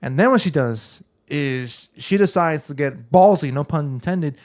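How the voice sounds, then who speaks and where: Brief: young male podcast co-host, slightly higher voice, rambling and crude storyteller, heavy swearing. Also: a little slow, darkish tone. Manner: rambling storyteller, swears a lot, restarts often. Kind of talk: casual crude chat.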